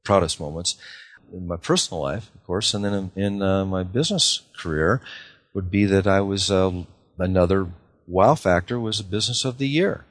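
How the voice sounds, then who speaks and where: A man's voice: low-pitched, normal speed. A middle-aged man from Idaho telling stories in a casual interview, rambling with frequent fillers and repeated words. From Idaho, USA. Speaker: guest, car dealer.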